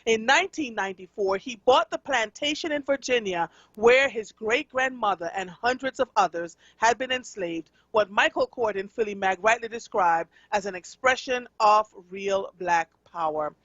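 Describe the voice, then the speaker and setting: A woman's voice: mid-range voice, moderate pace, few pauses, a bit bright, no room sound. A Jamaican woman talks to her listeners on live radio in an earnest, conversational way, with plenty of fillers along the way. The sound is dry and a little dull, like a studio microphone feed. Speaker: radio talk show host. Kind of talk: radio talk show monologue.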